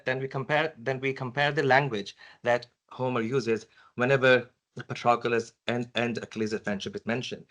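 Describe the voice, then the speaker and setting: A man's voice: mid-range voice, a bit bright. A man answering a question at an academic conference, full of fillers and restarts. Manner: hesitant, many restarts and fillers. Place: university lecture room.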